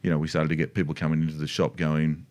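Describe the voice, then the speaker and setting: In a rumbling low voice with a darkish tone, this middle-aged Australian dealership co-host talks riding in a casual chat. He keeps a level tone at a quick pace, drifting through restarts and tangents.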